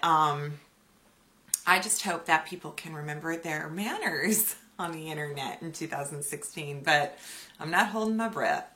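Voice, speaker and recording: A woman in her forties, a beauty vlogger talking casually and animatedly to her viewers. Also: low voice. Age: 40s. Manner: chatty, animated, acts out quoted voices. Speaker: beauty YouTuber. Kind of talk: casual chatty vlog.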